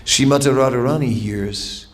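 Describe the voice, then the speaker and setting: A man giving a devotional lecture as a spiritual teacher, reflective and storytelling, with long pauses. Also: mid-range voice. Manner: storytelling with acted quotes.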